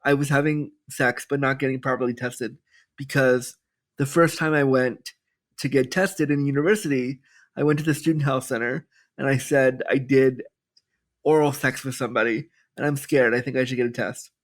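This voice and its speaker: A man in his thirties, a podcast guest telling personal stories in a candid, animated way with lots of quoted dialogue. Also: medium pitch, normal speed. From Canada. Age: 30s. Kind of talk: storytelling in a podcast interview.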